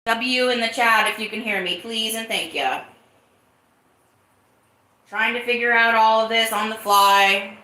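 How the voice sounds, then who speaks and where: A woman's voice: on the high side, unhurried, pauses often, bright, forceful tone, reverberant. Chatty woman hosting a live stream. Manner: chatty, reads and greets live chat. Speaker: livestream podcast host. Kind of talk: casual live-stream chat.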